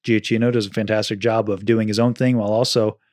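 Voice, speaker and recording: A man's voice: lowish voice, flat delivery, fast, darkish tone, no room sound. Dry-miked man musing on film scores. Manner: thoughtful, careful with facts, qualifies his points. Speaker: podcast co-host. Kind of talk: casual film discussion.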